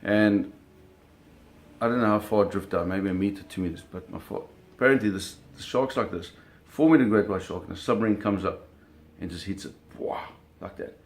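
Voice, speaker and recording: A storyteller remembering shark hunting speaks a little fast in a voice on the low side. The casual personal anecdote is vivid, with sounds acted out and many self-corrections and repeated words.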